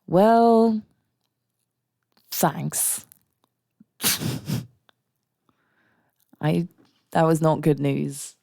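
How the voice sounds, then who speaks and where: A woman's voice: low-pitched, expressive, drawn-out words, gravelly, pauses often, warm tone, no echo, studio quality. A young woman streaming live, chatting candidly and ranting with frequent laughter. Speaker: songwriting livestreamer. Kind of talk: casual livestream chat.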